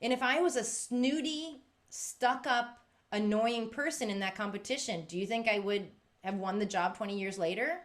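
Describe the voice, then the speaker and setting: A woman presenting a workshop for music teachers, talking in a lively, emphatic way and acting out quotes with big jumps in pitch. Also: moderate pace, hardly any pauses.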